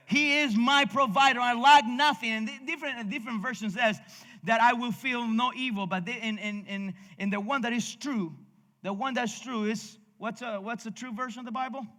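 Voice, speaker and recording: A man's voice: very high-pitched, normal speed, sharp tone, in a large hall. A male pastor with a Spanish accent preaching a passionate sermon, with frequent restarts and laughs. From Cuba. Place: church sanctuary.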